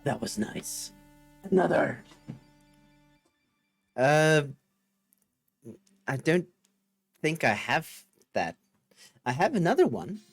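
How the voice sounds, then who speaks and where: A man's voice: fairly high pitch, big pitch swings, slow, gravelly, long pauses, slightly rough, soft background music. Upbeat streamer man thinking aloud. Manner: rambling, upbeat, thinks aloud and reads chat. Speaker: livestream host. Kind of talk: casual livestream chat while coding.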